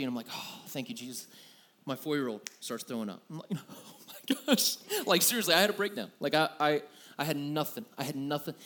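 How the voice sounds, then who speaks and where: A man's voice: fairly high pitch, fairly bright tone. A man in his thirties preaching to a room, telling a personal story in a candid, self-deprecating way with many fillers. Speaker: youth pastor. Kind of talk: sermon.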